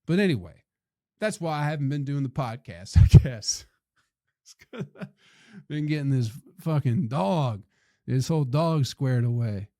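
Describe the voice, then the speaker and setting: A young man rambles through a comic story, profane and exasperated. His voice is dark and mellow. The sound is dry and close, with no room around it. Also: medium pitch, expressive, a little slow, no room sound. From Flint, Michigan. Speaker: podcast host, comedian.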